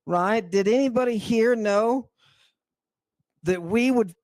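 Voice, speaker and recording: Male livestream lecturer, high-pitched, unhurried, showman delivery, dry close sound. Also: a little mellow, no echo. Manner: theatrical, exclamatory, addresses listeners as a congregation. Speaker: lecturer on ancient texts.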